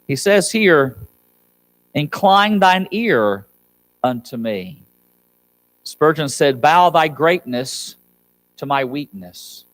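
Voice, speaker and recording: A man preaching a sermon as pastor, emphatic, swinging between loud cries and soft asides. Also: a little high, big pitch swings, takes it slowly, pauses often, dry recording. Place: church sanctuary.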